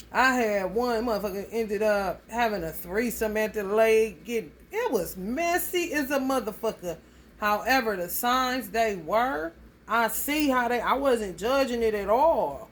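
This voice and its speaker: A woman talks straight to her viewers, blunt and full of profanity as she tells stories. Her voice sits at an ordinary middle pitch. A faint hiss of noise runs under the recording. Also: moderate pace. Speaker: astrology reader. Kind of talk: casual tarot reading monologue.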